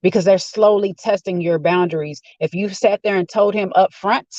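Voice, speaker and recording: A man's voice: high-pitched, steady tone, normal speed, hardly any pauses, a little mellow, no echo, dull audio. A man giving a rambling, opinionated casual rant while sitting in a car. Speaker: vlogger. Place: inside a car.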